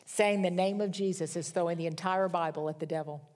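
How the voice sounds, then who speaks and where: Middle-aged female preacher, earnest and emphatic, lowish voice, sermon delivery. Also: fairly even intonation, fairly quick, darkish tone. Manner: earnest, storytelling with emphatic repetition.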